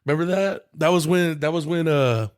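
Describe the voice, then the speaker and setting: A man's voice: fairly high pitch, normal speed, no echo, clean studio sound. A young man rambling through stories as a podcast co-host, swearing and laughing often. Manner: rambling, profane, laughing storyteller. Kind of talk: casual chat.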